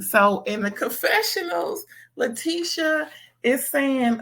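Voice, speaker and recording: Slow, sassy woman with a put-on Southern drawl. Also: on the high side, lively intonation, a bit bright. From California. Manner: chatty, sassy, slangy asides to viewers. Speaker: reality TV reviewer. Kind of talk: casual commentary vlog.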